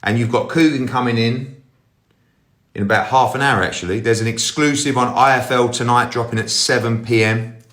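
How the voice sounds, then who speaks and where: A man's voice: medium pitch, steady tone, moderate pace, a bit bright, low-quality recording. Brash, upbeat man chatting on a phone. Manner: brash and upbeat, swears casually. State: a bit out of breath. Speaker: sports promoter. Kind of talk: casual live-stream chat with viewers. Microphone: phone held while walking.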